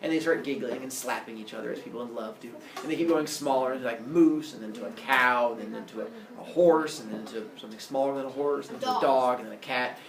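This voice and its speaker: A male teacher telling myths to his class in a jokey, animated way, acting out the characters. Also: medium pitch, fast, vocal fry, hardly any pauses, a crowd in the background. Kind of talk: storytelling lesson. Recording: roomy classroom audio from far off.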